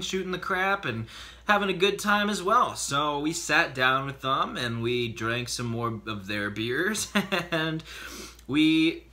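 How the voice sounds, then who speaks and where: A man vlogging, telling a funny personal story in an animated, joking way with quick bursts of speech. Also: fairly high pitch.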